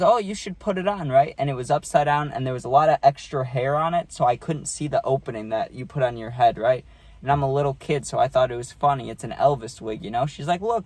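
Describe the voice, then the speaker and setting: A man's voice: medium pitch, a little mellow, no echo. A man telling a story from his childhood to camera in a loose, profane way, full of fillers and "right?" tag questions. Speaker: vlogger. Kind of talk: casual storytime.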